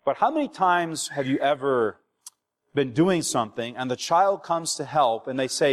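A man's voice: on the high side, expressive, moderate pace. A young male pastor preaching a sermon, urging the congregation and asking them for replies. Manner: exhorting, asks the congregation for replies. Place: church hall. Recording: long reverb of a church hall.

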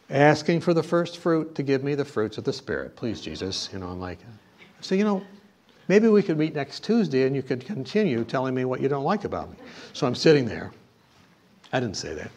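A man's voice: medium pitch, expressive, fairly quick, a little mellow, a little hiss or hum. A man preaching a sermon, telling a personal story and then urging his listeners with emphatic exhortation. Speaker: pastor.

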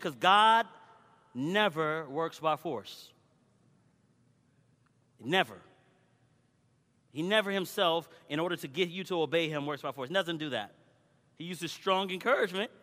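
High, bright-voiced preacher man in a hall. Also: lively intonation, a little fast. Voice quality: swings from shouting to quiet storytelling. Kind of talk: sermon with personal story. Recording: long hall reverb.

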